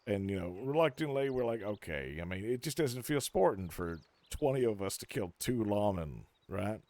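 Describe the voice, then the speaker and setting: In a dry recording, a man with a lowish voice speaks at a moderate pace. This streamer tells friends a long story on a call in a casual, animated way, swearing freely and acting out what people said mid-story.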